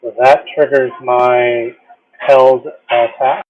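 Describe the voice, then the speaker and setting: A man playing a tabletop game, tossing in quick wry asides. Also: medium pitch, flat delivery. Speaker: player. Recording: dull lo-fi mic.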